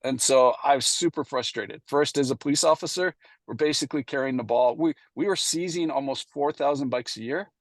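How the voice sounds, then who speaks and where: A middle-aged man spins a story-driven talk, full of fillers and little acted-out exchanges. His voice sits at an everyday middle pitch. The sound is close and dry, with no room echo. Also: fairly quick. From Canada. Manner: anecdotal, acts out past dialogue, frequent fillers. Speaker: presenter at a committee meeting. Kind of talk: casual storytelling presentation.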